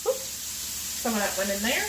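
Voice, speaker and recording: A woman hosting a cooking vlog chats with viewers and tells a long story while cooking in her home kitchen, animated and addressing them directly. Her mid-range voice is a little fast. The roomy kitchen, distant mic and faint sizzling add heavy background noise.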